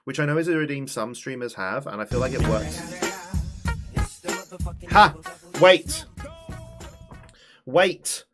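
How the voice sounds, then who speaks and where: A man streaming a game live, chatty and animated, swearing and talking to his chat. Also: mid-range voice, fast, few pauses, music in the background. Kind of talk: live-stream gameplay commentary.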